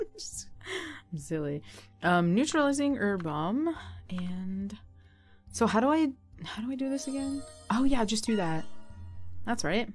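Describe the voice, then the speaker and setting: Giggly woman chatting over gameplay. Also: on the high side. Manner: giggly, chatty, talks to game characters. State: slightly sniffly from a runny nose. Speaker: let's play gamer. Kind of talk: casual gameplay commentary. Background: faint game music.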